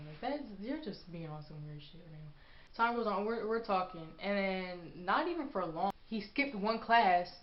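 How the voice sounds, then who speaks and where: A young woman telling a personal story in a casual vlog, animated and sassy as she acts out what people said. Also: lowish voice. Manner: animated, acts out quotes with sass. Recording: echoey room, dull lo-fi sound.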